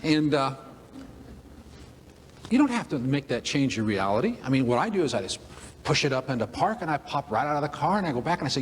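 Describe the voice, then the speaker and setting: A man's voice: mid-range voice, sing-song, a little fast, pauses often, slight background noise. A man giving a humorous motivational talk to an audience, telling folksy stories. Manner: folksy, joking, acts out characters. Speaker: motivational speaker. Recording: long hall reverb, faint ambience.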